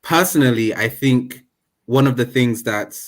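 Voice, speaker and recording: A man's voice: medium pitch, unhurried. A man of Nigerian background, a talkative guest in an online interview who tells anecdotes and jokes. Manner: animated and talkative, jokes and laughs. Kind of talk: casual interview chat.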